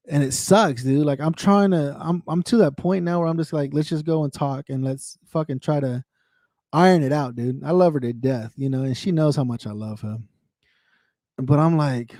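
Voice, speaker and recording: A man's voice: on the high side, fairly quick, mellow, dry recording, studio quality. Earnest, rambling American man host. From United States. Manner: earnest, rambling, repeats himself. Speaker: host of a veterans' radio show. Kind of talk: candid casual talk to a co-host.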